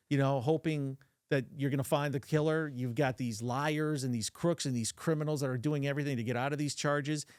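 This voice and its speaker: Fast-talking, joking podcast host man. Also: medium pitch, no room sound, studio quality. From Minnesota. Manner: chatty, joking, quick to laugh. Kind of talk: casual podcast chat.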